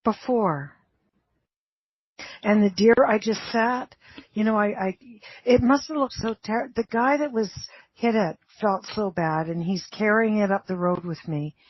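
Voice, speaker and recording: A woman's voice: medium pitch, measured pace, slightly rough, no echo. Chatty woman with a muffled voice. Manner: chatty storyteller, exclaims often. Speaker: radio show co-host. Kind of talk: casual chat. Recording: muffled dry radio studio sound.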